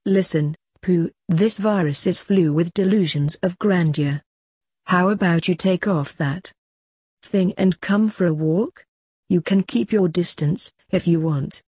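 A woman's voice: lowish voice, measured pace, dark tone, slightly rough, dry recording. A woman voicing a small male piglet who speaks in a dry, mocking, matter-of-fact way. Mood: sardonic.

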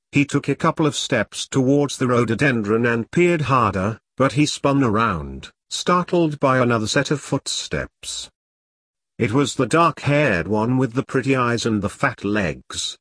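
A man narrates in a wry, earthy way, like a scripted storybook reading. His voice is husky and mid-pitched, and the recording is close and dry. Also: fairly bright tone, dry recording. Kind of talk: scripted dark comic narration.

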